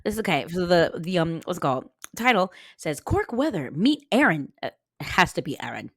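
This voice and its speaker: A young woman with a lowish, lively voice co-hosts a casual podcast, joking and laughing between segments. Her delivery swings up and down, and the sound is close and dry. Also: a little fast, no room sound. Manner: playful, laughing, silly sound effects. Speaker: podcast co-host. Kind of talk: casual chat.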